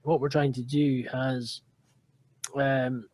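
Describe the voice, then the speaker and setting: A man, a podcast guest, answering in a halting, hesitant way. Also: medium pitch, flat delivery, darkish tone. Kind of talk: casual podcast chat.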